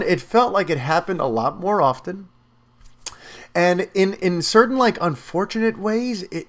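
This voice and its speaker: A man giving a casual spoken film review, animated and talkative, with lots of fillers and restarts. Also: fairly high pitch.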